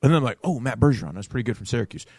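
A male sports radio co-host tells stories with a lively, swinging voice and acts out other people's lines. The studio sound is close and dry. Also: medium pitch, very fast, vocal fry, slightly rough, no echo. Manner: animated storyteller who acts out quotes. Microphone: studio microphone.

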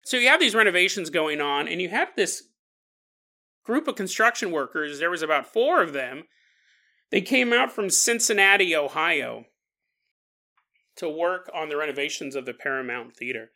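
Bright-voiced joking podcast host, a man. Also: fairly high pitch, expressive, moderate pace. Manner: jokey, rambling asides with mock voices. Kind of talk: comedic paranormal podcast storytelling.

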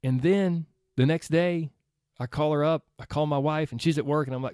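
A man's voice: fairly high pitch, moderate pace, a little mellow, clean tone, no echo. Guy coaching folks on a motivational talk, earnest, keeps repeating himself for punch, dry close sound. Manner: earnest, conversational, repeats phrases for emphasis. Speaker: health and weight-loss coach.

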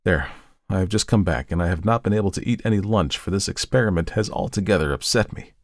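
A man reading a first-person story aloud with measured, steady narration. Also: deep voice, no room sound, studio quality. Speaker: audiobook narrator.

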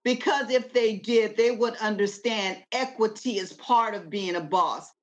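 A woman's voice: mid-range voice, unhurried, dull audio. Emphatic woman in preacher mode. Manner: lively, animated storytelling. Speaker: guest. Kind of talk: casual conversation.

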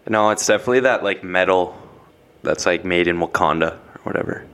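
A man's voice: low voice, fairly quick, fairly bright tone, clean tone. A young man joking around in a casual game chat, playful and teasing.

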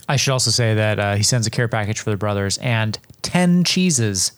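A man's voice: on the low side, moderate pace, a bit bright, a little hiss or hum. A man co-hosting a podcast who chimes in with dry corrections and wisecracks. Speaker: podcast co-host. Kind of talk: casual podcast chat.

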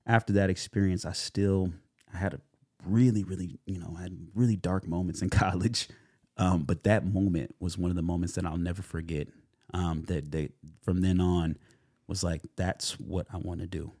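A young man speaks as an interview guest, his voice low and deep with a warm, mellow tone. He tells his story in a loose, animated way, full of fillers, and acts out what people said to him. The sound is dry and close. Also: normal speed, dry recording. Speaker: guest, actor.

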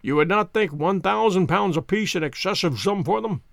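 A man reading an audiobook, voicing a calm, self-assured detective who explains in measured tones. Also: high-pitched, creaky, dry recording.

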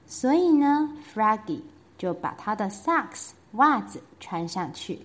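A woman storyteller reading a children's picture book aloud in two languages, with a sing-song, animated delivery and asides to the kids. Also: mid-range voice, slow.

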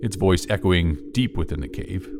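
A man's voice: low voice, animated, moderate pace, background noise. A man narrating a children's story in an audiobook.

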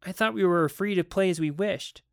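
A man's voice: high-pitched, moderate pace, gravelly, smooth, no room sound, studio quality, pitched above the performer's own voice. A man playing a cold, defiant spoiled boy. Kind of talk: dramatic audiobook reading.

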